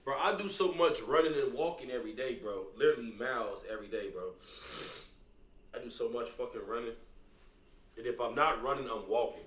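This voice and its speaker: A man's voice: mid-range voice, fairly quick, a bit bright. A young man giving loose, profane reaction commentary and talking straight to his viewers. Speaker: reaction streamer.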